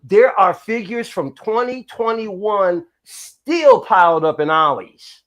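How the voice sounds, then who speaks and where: A man with a high, very animated voice hosts a casual chat. He talks in a lively way and jumps in over the other speakers. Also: slow pace.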